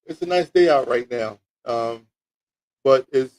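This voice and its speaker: A man's voice: mid-range voice, measured pace, darkish tone, low-quality recording. A man hosting a sports talk show, rambling through football picks and teasing his live chat, with lots of repeats and restarts. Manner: rambling, repeats words, teasing chat with mock toilet flushes.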